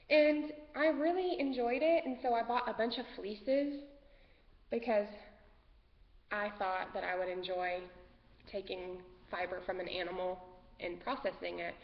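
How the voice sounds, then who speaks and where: A woman's voice: mid-range voice, gravelly. A woman hosting a casual craft podcast from home, nervous and rambling, easily sidetracked. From Texas. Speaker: podcast host. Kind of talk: casual craft vlog chat. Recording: dull lo-fi sound with long reverb and faint noise.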